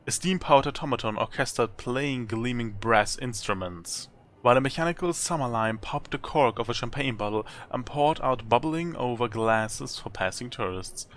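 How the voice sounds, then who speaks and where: A man's voice: mid-range voice, lively intonation, moderate pace, a bit bright. A man hosting a let's play, reading a text adventure aloud with chatty asides and chuckles.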